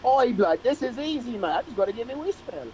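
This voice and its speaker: A man's voice: extremely high pitch, big pitch swings, fast talker, a little hiss or hum, voice pushed up, poor audio. A man playing a tabletop game, voicing a rowdy, swearing British-accented young man with a put-on accent. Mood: brash. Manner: loud, slangy, swears a lot. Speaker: player.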